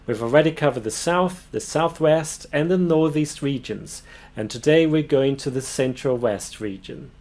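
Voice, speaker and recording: A man giving a pronunciation lesson, sounding out words slowly and carefully. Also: fairly high pitch, a little mellow. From Brazil. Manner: slow, careful demonstration of words. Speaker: language teacher.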